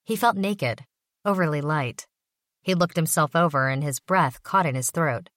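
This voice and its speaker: A woman narrating an audiobook in a steady, even reading voice. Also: low voice, moderate pace, dry recording, studio quality.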